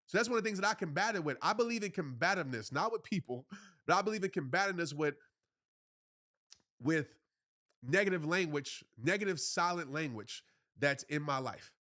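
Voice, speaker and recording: A man's voice: a little high, lively intonation, brisk, pushed and bright, no echo, clean studio sound. Earnest man talking to a live audience. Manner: earnest, repetitive, addresses viewers as y'all. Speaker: motivational speaker answering live chat questions. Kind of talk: casual live-stream talk.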